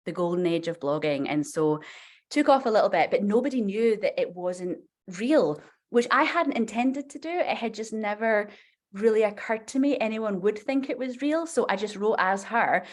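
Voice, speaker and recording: Woman, forties, podcast guest, novelist, chatty storytelling, animated, middle pitch. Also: normal speed. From Scotland. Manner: chatty, animated, many fillers.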